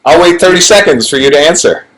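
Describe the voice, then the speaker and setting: A middle-aged actor chatting alone to a webcam during a fan Q&A, playful and rambling with self-mocking asides, recorded on low-quality livestream audio. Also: male voice, lively intonation, quick pace, a bit bright. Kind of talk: casual chat to webcam. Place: home, alone in front of a camera.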